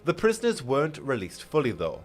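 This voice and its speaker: A man's voice: medium pitch, wildly swooping pitch, brisk. A man reading a fantasy story aloud on a live stream, often stumbling and rereading with chatty asides.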